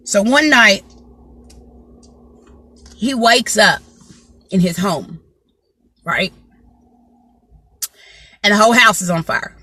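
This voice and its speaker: A woman's voice: mid-range voice, lively intonation, takes it slowly, long pauses, pushed and bright. A woman telling a story to her viewers in casual chat, often asking "you know what I'm saying" and greeting people by name. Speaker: motivational vlogger.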